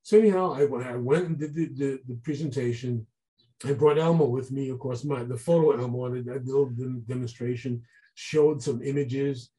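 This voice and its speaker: A man telling a long story as an interview guest, animated and acting out the voices of people he quotes. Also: medium pitch, moderate pace, low-quality recording. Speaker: guest artist. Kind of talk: casual storytelling.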